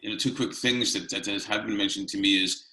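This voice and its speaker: A man's voice: on the low side, steady tone, fairly quick, bright, forceful tone. Chatty man interviewer, echoey room. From Canada. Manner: rambling, chatty, frequent fillers. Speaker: interview host. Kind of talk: casual interview.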